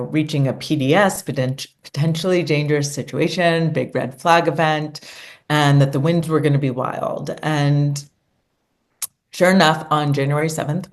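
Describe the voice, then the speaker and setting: A woman's voice: low-pitched, darkish tone. A middle-aged woman recounting a personal experience in an earnest, emotional way as an interview guest. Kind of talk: conversational interview storytelling.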